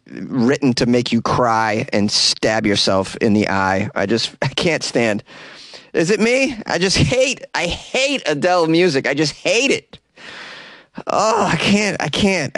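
A man's voice: medium pitch, no room sound. A man hosting a solo comedy news podcast, rambling, stumbling over foreign names and chuckling at his own jokes, recorded in a closet.

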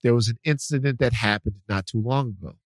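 A man from Louisiana co-hosting a podcast, talking in an animated, joking way full of restarts. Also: mid-range voice, a little fast, no room sound. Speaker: podcast co-host. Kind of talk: casual chat.

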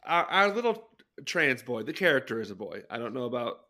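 A man co-hosting a casual chat podcast, expressive, exclaiming and laughing often. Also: medium pitch, a little fast. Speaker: podcast co-host.

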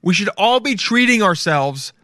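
A man's voice: high voice, animated, normal speed, bright, forceful tone, no echo, clean studio sound. A young man in a casual, joking reaction commentary, swearing freely and calling everyone dude. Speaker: commentary host.

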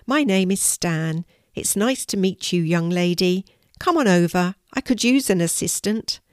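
A woman reading a story gives voice to a friendly young man who cares for animals, speaking gently. The voice is lower than most women's, heard close and dry. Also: expressive, measured pace, no room sound. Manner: gentle and warm.

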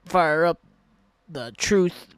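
A man putting on a loud, smug, drawling voice to mock a country singer. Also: on the high side, drawn-out words, clear, resonant tone, dry recording.

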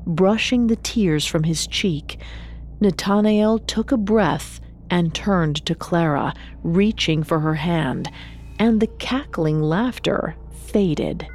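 Slow, low-voiced woman storyteller. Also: a little mellow. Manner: measured, dramatic reading. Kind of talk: scripted storybook narration.

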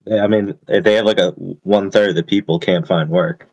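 A man's voice: deep voice, fairly even intonation, moderate pace, darkish tone, low-quality recording. A man talking offhandedly in a casual podcast conversation. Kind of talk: casual banter.

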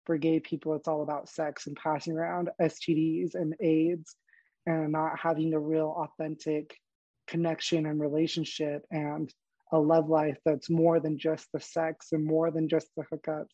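Guesting on a podcast, this young man shares personal stories in a candid interview, full of animation, frequent laughter, and acted-out dialogue. His voice is a little high and moves at normal speed, captured in a dry recording with the highs cut off.

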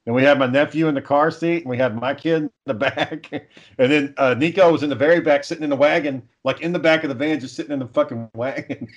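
A man's voice: fairly high pitch, quick pace, lo-fi sound. A man in casual chat, telling stories in a laid-back way, swearing often and chuckling.

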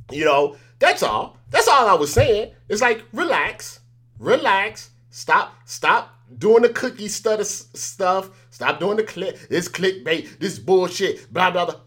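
This man hosts a news commentary show in a casual on-camera style, talking directly to viewers with emphatic repetition and chuckling between points. His voice sits high with a fairly bright tone.

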